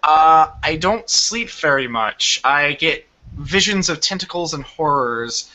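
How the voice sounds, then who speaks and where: A man's voice: on the high side, lively intonation, slow, sharp tone, slight background noise, voice pushed up, heavily acted, low-quality recording. A man voicing a banished goliath warlock, speaking in a brooding, solemn first person.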